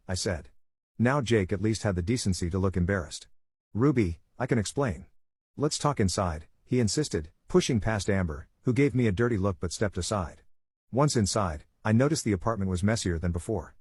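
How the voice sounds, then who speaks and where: Male narrator, low husky voice, dry close mic, even story read. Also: no room sound.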